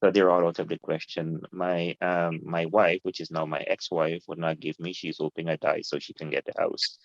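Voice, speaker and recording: A middle-aged man, a guest telling his story in an animated, informal way and laughing easily. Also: low voice, moderate pace, no room sound. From Guyana. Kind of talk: casual interview storytelling. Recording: dull lo-fi, dry.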